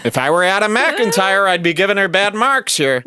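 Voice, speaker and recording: A man hosts a podcast, mocking a clip as he talks over it with sarcastic jabs and bursts of laughter. His pitch swings widely from line to line, and his voice sits dry and close with no room sound. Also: big pitch swings, moderate pace, bright, forceful tone, clear, resonant tone, no room sound. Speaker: podcast host.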